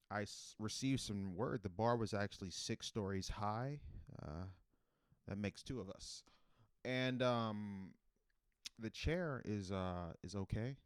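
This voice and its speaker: A man hosting a comedy podcast in a rambling, deadpan monologue, with frequent restarts. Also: deep voice, no room sound, studio quality. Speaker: podcast host.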